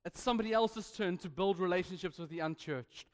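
Male pastor, high voice, emphatic and playful delivery, church hall reverb. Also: brisk, few pauses. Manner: emphatic, playful, repeats refrains. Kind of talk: sermon.

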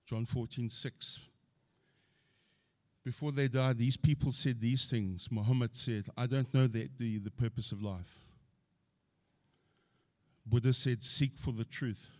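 A man's voice: mid-range voice, fairly even intonation, a little slow, pauses often, a little mellow. A middle-aged man preaching a sermon, earnestly quoting scripture and building to emphatic points.

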